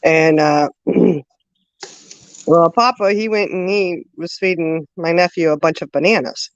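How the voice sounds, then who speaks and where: On the low side, this woman's voice is captured dry, with a dull lo-fi quality. She hosts a laid-back chat and rambles through a long story, laughing and using lots of fillers in a lively, drawn-out way.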